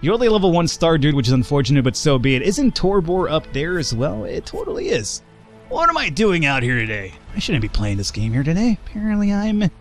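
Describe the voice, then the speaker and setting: A man narrating his own gameplay with a lively, bouncing pitch that shoots up when things go wrong. He swears casually, laughs a lot, and slurs a little, as if he's had a drink. Faint background music plays beneath his voice. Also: fast talker. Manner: excitable, profane, jokey, laughs often. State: tipsy, slurring a little. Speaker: gaming channel host. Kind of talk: let's play commentary.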